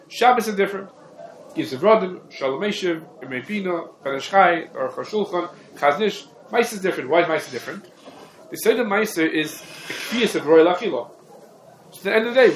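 Casting Male Torah teacher, fairly high voice, emphatic repeating delivery, echoey room with faint hum. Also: a bit bright. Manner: rapid, repetitive, emphatic teaching with heavy Hebrew terms. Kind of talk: halachic lecture.

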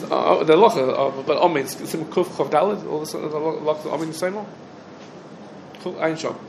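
A man's voice: fairly high pitch, a little fast, gravelly, noisy background. Man teaching an informal halacha class. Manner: rhetorical questions answered himself, dense with Hebrew terms. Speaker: Torah teacher.

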